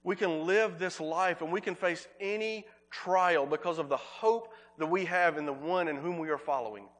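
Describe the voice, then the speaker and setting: A man preaching a sermon as pastor, earnest, repeating words for emphasis and slowing on key phrases. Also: on the high side, fairly bright tone.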